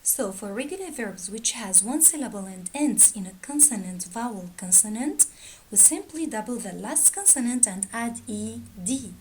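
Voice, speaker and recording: A woman teaching a grammar lesson, reading out word pairs slowly and deliberately. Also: a little high, animated, a little mellow, a little hiss or hum, low-quality recording. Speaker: English teacher.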